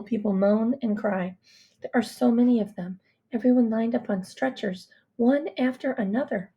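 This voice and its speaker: A woman reading a first-person story in a hushed, intimate way. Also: mid-range voice, moderate pace, muffled recording. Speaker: audiobook reader.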